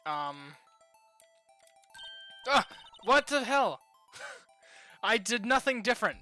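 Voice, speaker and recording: Game streamer, bright voice, sweary live reactions. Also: mid-range voice, very animated, takes it slowly, long pauses, faint music behind. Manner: frustrated, swearing, reacting out loud. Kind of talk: live-stream gameplay commentary.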